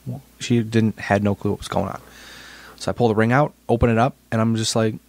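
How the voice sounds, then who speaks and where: Guy on a podcast rambling fast, lowish voice, repeats himself a lot. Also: fairly even intonation, darkish tone. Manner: rambling, repeats words while telling a story. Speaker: podcast co-host. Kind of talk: casual chat.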